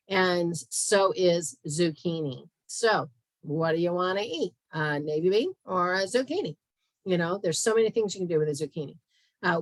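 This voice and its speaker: A woman with a low, unhurried voice talks casually through a nutrition chart, breaking off for quick asides and filling gaps with ums. The sound is close and dry, with no room echo. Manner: chatty, self-interrupting, with fillers and asides. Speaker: podcast host and health practitioner. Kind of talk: casual presentation over screen share.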